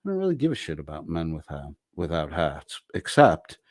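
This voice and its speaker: A man's voice: extremely low pitch, huge pitch swings, normal speed, no echo, studio quality. A man hosting a livestream, reading viewer comments aloud with crude jokes and frequent laughter. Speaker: livestream host reading chat. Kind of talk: casual livestream chat reading.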